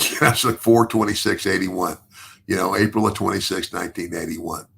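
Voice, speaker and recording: Older male guest, low gravelly voice, loose storyteller who repeats and restarts words. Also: fairly even intonation, a little fast, a bit bright, a little hiss or hum. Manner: chuckles through his own story. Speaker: podcast guest. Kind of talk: casual storytelling.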